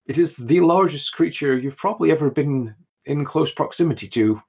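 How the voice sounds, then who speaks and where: A young man narrating a tabletop game as game master, in an animated style with chuckles. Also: on the high side, moderate pace, creaky, husky, muffled recording.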